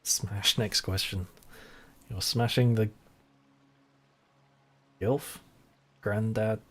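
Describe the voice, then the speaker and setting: A man's voice: on the low side, fairly even intonation, drawn-out words. A young man, a voice actor, chatting casually while he streams a video game, enthusiastic about the voices he hears. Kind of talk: casual gaming stream chat.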